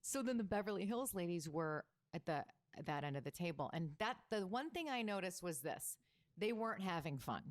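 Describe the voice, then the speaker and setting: A woman hosting a casual podcast, telling gossipy stories with quick asides. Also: on the low side, lively intonation. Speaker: podcast host.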